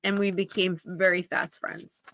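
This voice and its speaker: A woman with a bright, forceful voice gives oracle card readings on a live stream and speaks straight to her audience. She sounds teary and sniffles between thoughts, and she stays chatty and open the whole time. The sound is close and dry. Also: fairly low pitch, flat delivery, measured pace, no room sound. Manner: chatty, emotional, talks straight to viewers. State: tearful, sniffling.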